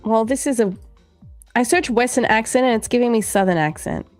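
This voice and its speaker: A woman's voice: a little high, a little fast, faint music behind. A woman hosting a casual livestream, reading out chat comments in a playful, jokey way and laughing often. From Australia. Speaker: livestream host.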